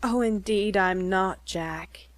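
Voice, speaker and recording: A woman's voice: medium pitch, takes it slowly, dry recording, lightly acted. A woman reading as a flustered young woman, pleading and emotional.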